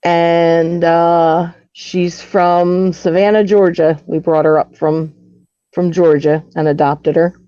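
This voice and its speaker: A woman guest speaks slowly and hesitantly in a low, mellow voice. Her audio is dull and lo-fi, like a call, and dry with no room sound. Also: little pitch movement, smooth, no room sound. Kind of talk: casual conversation.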